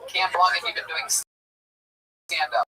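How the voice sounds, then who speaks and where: A man's voice: a little high, level tone, normal speed, distant mic, crowd noise, low-quality recording. A man hosting a livestreamed comedy show, introducing acts and teasing a comic with jokey banter. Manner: joking, teasing emcee banter.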